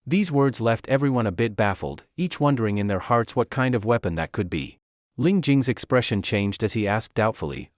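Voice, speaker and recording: Expressive male recap narrator. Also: medium pitch, normal speed, dry recording, clean studio sound.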